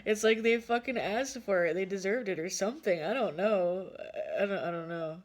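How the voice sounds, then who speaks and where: A woman's voice: mid-range voice, normal speed. A woman giving a casual tarot reading who laughs often and swears freely. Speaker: tarot card reader.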